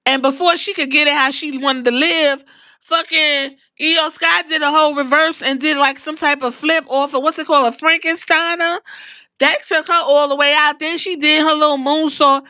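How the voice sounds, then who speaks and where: A woman hosting a podcast, recapping wrestling in a casual, animated and profane way. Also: high voice, moderate pace, no room sound, clean studio sound. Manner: animated, profane, acts out quotes. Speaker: podcast host.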